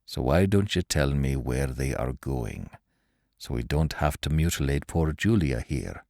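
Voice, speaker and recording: A sadistic male interrogator speaks in a low, hushed, unhurried voice, as a narrator puts him on. He lingers on words with icy mockery. The audiobook sound is close and dry. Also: lively intonation, gravelly, no room sound, heavily acted. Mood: cold menace. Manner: cold, mocking, slow and menacing. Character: cold, sadistic male interrogator, middle-aged.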